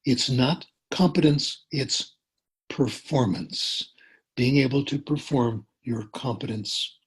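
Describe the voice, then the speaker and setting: An older man giving an informal lecture, deliberate, repeating phrases for emphasis with dry humor. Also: mid-range voice, breathy edge, poor audio. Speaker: language education lecturer.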